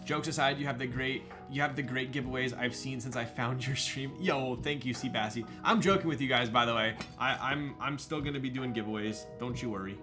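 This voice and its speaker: A man's voice: mid-range voice, fairly quick, hardly any pauses, over music. A young man casually chatting on a live stream while building a keyboard, joking around and reading viewer messages aloud. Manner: joking, reads chat aloud, teasing.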